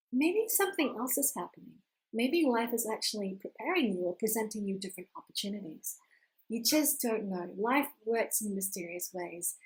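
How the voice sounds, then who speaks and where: A woman life coach telling a fable to camera in an animated, casual storytelling manner, acting out the characters. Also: a little high, low-quality recording.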